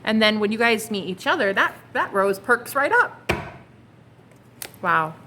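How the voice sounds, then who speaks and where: A young woman reading tarot cards for her viewers, excitable and flustered. She swears casually, giggles, and calls the audience honey and girl. A faint hum of noise sits behind her voice. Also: mid-range voice, a little slow. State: flustered and hot. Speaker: tarot reader.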